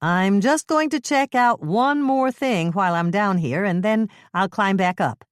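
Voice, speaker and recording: A woman voicing a shaken amateur sleuth who keeps her voice steady and clipped. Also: fairly low pitch, a little slow, no echo, studio quality, pitched above the performer's own voice. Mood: tense. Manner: tense, clipped, forcing calm.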